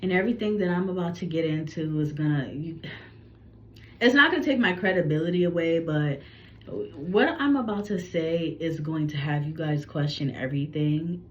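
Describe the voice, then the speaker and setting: A woman's voice: sits low, normal speed, lo-fi sound. A woman psychic telling a channeled reading story in a rambling, casual way, often restarting her sentences. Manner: rambling, frequent restarts and self-corrections. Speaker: psychic reader.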